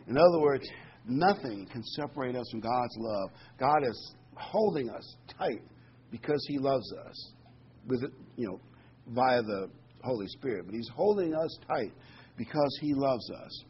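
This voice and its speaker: A man's voice: mid-range voice, animated, normal speed, slightly rough. Folksy male preacher, slightly dull recording. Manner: conversational, folksy asides with fillers; reads scripture with rising emphasis. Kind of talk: sermon with scripture reading.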